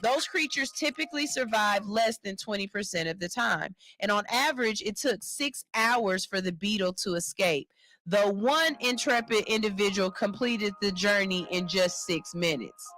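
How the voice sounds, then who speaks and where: A woman hosting a morning radio show, reading a news story aloud and riffing on it with animated jokes. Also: mid-range voice, normal speed, faint music behind. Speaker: radio host. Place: radio studio.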